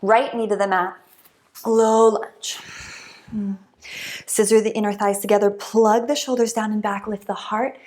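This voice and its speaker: A woman teaching a yoga class, calmly giving breath-timed cues with soft hums and encouragement between them. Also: mid-range voice, a little slow, pauses often. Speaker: yoga instructor. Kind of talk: guided yoga class instruction.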